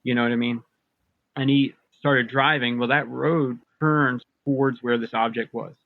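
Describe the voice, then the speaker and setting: A man's voice: medium pitch, fairly even intonation, normal speed, no echo. Man telling a story on a dull, dry line. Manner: rambling, many fillers and restarts. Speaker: podcast guest recounting personal experiences. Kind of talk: casual storytelling.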